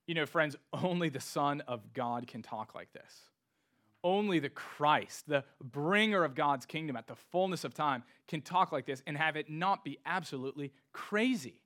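A man's voice: fairly high pitch, moderate pace, a bit bright. A man preaching a sermon to his congregation, reading scripture and rising to emphatic rhetorical questions. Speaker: pastor.

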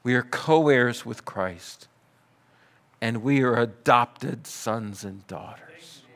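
A man preaching a sermon, telling a story in a measured way and dropping to soft, quiet passages. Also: medium pitch. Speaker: pastor.

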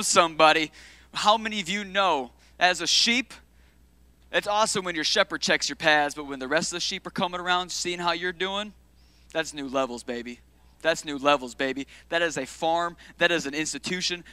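A young man preaching a sermon as pastor, energetic and joking, calling out to his congregation for responses. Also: sits high, no echo. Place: church sanctuary.

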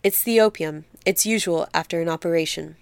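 A woman's voice: lowish voice, fairly quick, vocal fry, clean tone, no echo. A stern, no-nonsense hospital matron in a storybook reading, as the woman narrating puts her on. the words come out clipped and professional. close, dry recording.

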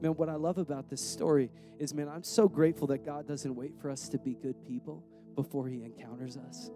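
A man's voice: fairly high pitch, fairly even intonation, a little fast, mellow, faint music behind. A young adult male preacher giving a sermon in a conversational, slangy way, often repeating words.

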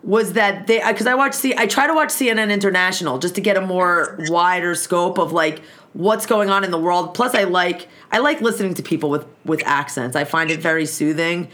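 A woman's voice: on the low side, brisk, hardly any pauses, fairly bright tone. A woman in casual chat, ranting bluntly and swearing freely.

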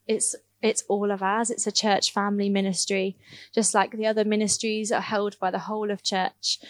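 A woman speaks to her church about her youth ministry work. She tells stories in a casual, earnest way, with quick laughs and lots of "like". Her voice is mid-pitched and recorded dry and close. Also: dry recording. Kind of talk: church talk, personal storytelling.

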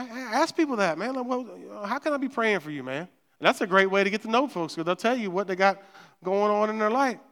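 High-voiced pastor preaching. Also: male voice, a bit bright, smooth, long reverb tail. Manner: conversational, repeats words, frequent "right?". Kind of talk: sermon. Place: church sanctuary.

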